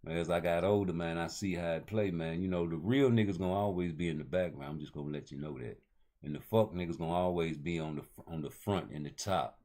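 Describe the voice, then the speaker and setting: A man's voice: low-pitched, a little fast, dark tone. A man hosting a casual boxing talk show, rambling in loose street slang. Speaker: host.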